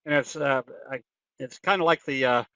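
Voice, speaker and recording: A man's voice: medium pitch, moderate pace, fairly bright tone, no echo, rough recording. A man presenting a trading webinar and answering questions, in a folksy, conversational way with fillers and self-corrections.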